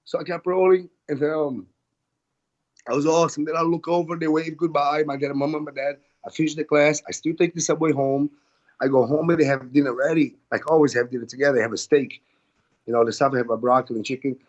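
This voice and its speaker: A man's voice: on the high side, fast, dull audio. Rambling, swearing man telling stories. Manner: rambling, animated, with frequent swearing and restarts. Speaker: guest, martial arts coach. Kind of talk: casual storytelling.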